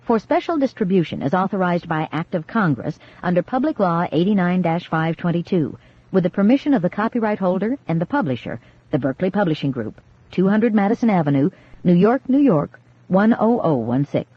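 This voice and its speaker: Woman narrator, lowish husky voice, dull dry 1980s cassette studio sound. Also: big pitch swings, no room sound. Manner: measured, dramatic reading. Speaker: audiobook narrator. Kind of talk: scripted narration. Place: recording studio.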